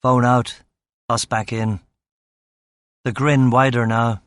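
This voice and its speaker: A man narrating a first-person crime novel in a dry, steady manner. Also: medium pitch, slow, no room sound. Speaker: audiobook narrator.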